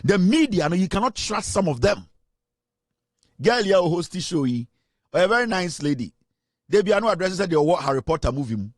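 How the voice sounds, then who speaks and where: A Ghanaian man hosting a political commentary show, talking in an animated, mocking way and mixing in Twi. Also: high-pitched, moderate pace, long pauses, dry recording, clean studio sound. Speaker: host.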